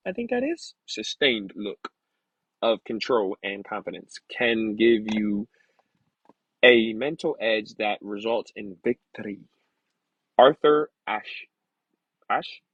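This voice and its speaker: A man reading aloud slowly, sounding out hard words, then talking candidly and casually about his past. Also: fairly low pitch, expressive, a bit bright, breathy edge, no room sound, dull audio. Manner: slow halting sounding-out of words, then candid rambling asides. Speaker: vlogger learning to read.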